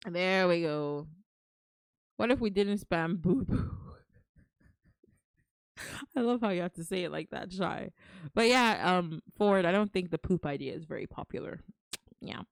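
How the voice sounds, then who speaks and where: Lower-voiced chatty woman streamer. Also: animated, measured pace, gravelly, pauses often, dry recording, studio quality. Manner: chatty, affectionate, calls viewers darling. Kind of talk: casual live-stream chat.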